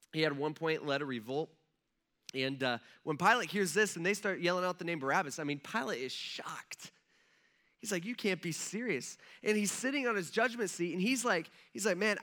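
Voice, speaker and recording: A man's voice: fairly high pitch, pushed and bright. A male pastor giving a sermon as casual, conversational storytelling with slang, acting out the voices of the people in the story.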